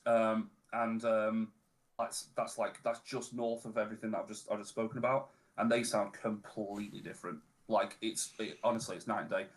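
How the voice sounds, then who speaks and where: A man with a Lancashire accent chatting as a guest on a stream, easygoing and relaxed, dropping local slang. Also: fairly low pitch, moderate pace. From Northern England. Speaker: podcast guest. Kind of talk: casual chat on a charity stream.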